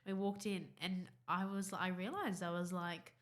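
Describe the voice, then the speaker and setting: A woman's voice: lowish voice, steady tone, normal speed. A woman co-hosting a podcast, enthusiastic and affirming in casual chat. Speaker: podcast co-host.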